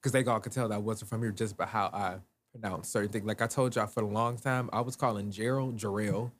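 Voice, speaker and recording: A man from the Midwest co-hosting a podcast, chatting in a relaxed, storytelling way. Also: on the low side, fast talker. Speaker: podcast co-host. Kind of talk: casual chat.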